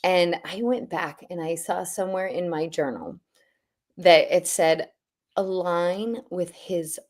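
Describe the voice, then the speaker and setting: A woman's voice: fairly low pitch, fairly even intonation, unhurried, a little mellow. A woman co-hosting a livestream, telling a personal story in a rambling, heartfelt way. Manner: rambling personal storytelling, many fillers and restarts. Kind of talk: casual livestream chat.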